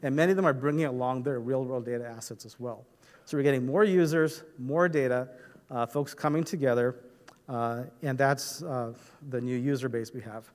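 This conference presenter has a mid-range, slightly mellow voice and talks at an ordinary pace. Recorded in an echoing hall, his technical talk proceeds step by step, full of fillers and "right?" prompts.

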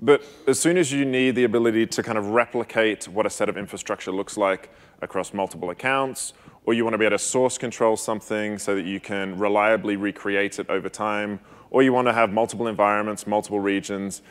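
A man with an Australian accent co-presents a technical session and explains concepts in a measured way. His voice sits a little on the low side, and he asks the audience questions as he goes. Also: steady tone. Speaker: conference co-presenter.

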